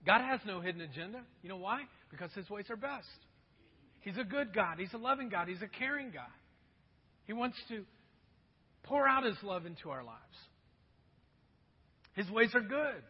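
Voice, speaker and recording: A man's voice: high voice, animated, moderate pace, long pauses, husky. A male pastor preaching a sermon in a conversational way, often asking the congregation questions. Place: church hall. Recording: dull lo-fi recording in a reverberant hall.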